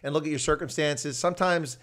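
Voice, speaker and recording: A male host from the United States who talks quickly and at length. His chat is loose and enthusiastic, full of restarts and asides. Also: on the high side, a bit bright. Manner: chatty, rambling, enthusiastic. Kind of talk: casual interview chat.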